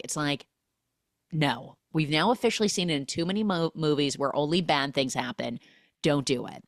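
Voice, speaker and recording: Lively, sarcastic woman host, low voice. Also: a little slow, no room sound, studio quality. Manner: animated, sarcastic storytelling with acted quotes. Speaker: podcast host. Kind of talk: casual film recap.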